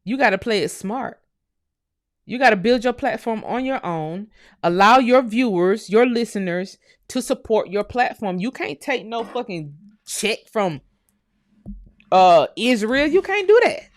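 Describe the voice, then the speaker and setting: A woman, from the United States, holding forth on her live show. She drives points home with profanity and repeated phrases, in a mid-pitched voice recorded dry and close. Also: expressive, a little slow, no room sound. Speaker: host. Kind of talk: heated live-stream rant.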